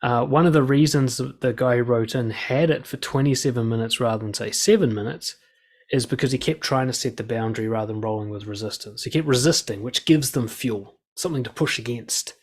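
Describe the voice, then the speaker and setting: A man's voice: mid-range voice, a little fast. A man coaching listeners in a direct advice monologue, blunt and swearing freely, acting out quoted lines. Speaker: dating and confidence coach.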